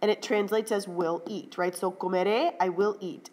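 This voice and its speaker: Woman teacher walking a class through slides, firm and brisk, keeps asking right? okay?. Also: mid-range voice, steady tone, a little mellow, low-quality recording. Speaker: Spanish teacher. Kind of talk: classroom lecture over slides.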